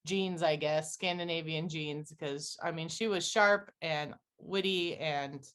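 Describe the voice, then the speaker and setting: A woman's voice: low voice, steady tone, measured pace, fairly bright tone. A woman guesting on a film podcast, talking casually and wryly with frequent laughter. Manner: wry, laughing, acts out characters' lines.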